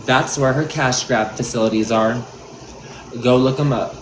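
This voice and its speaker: A man's voice: medium pitch, steady tone, normal speed, heavy background noise. Angry profane man ranting, echoey room. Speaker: livestream commentator. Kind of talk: livestream commentary. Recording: roomy echo.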